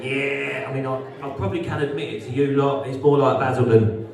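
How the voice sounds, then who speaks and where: A man's voice: medium pitch, steady tone, a little fast, darkish tone. A man from Essex with an Essex accent doing a crude, sweary stand-up set, bantering with the crowd. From Essex, England. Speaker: stand-up comedian. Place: social club stage. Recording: echoey club room, mic from far off.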